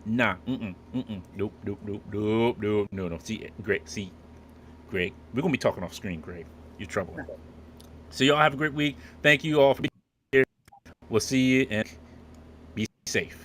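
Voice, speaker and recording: Low-voiced man hosting a casual podcast. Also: moderate pace, fairly bright tone, a little hiss or hum. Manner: joking, rambling with many restarts. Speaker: podcast host. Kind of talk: casual chat.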